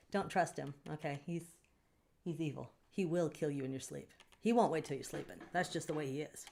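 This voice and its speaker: A woman with a slightly low voice hosts a casual livestream from home. She chats in an upbeat way, reading out comments from viewers and answering them with quick sympathy and jokes. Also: vocal fry. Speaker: livestream host and author.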